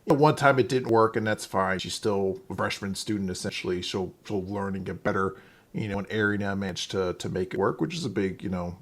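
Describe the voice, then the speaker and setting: A man's voice: low-pitched, brisk. A man co-hosting a podcast in casual chat, talking things through thoughtfully and often repeating words as he thinks. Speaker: podcast co-host.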